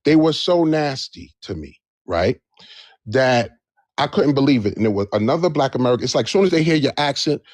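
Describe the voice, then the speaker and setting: Animated man speaking with conviction. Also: medium pitch, brisk, dry recording. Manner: animated, emphatic, repeats phrases for stress. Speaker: livestream debate participant. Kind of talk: impassioned live discussion. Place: Georgia area, on a live stream.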